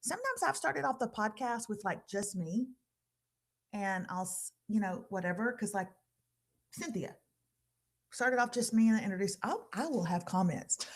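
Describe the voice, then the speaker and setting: A middle-aged woman hosting a casual live podcast, telling lively stories and mimicking people. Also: on the high side, normal speed, pauses often. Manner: animated storyteller, laughing, mimicking others. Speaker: podcast host.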